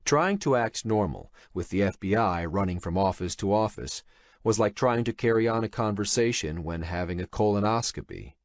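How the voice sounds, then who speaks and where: A man narrating an audiobook in a dramatic, expressive reading style. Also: on the low side, moderate pace, dry recording, clean studio sound. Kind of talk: scripted narration.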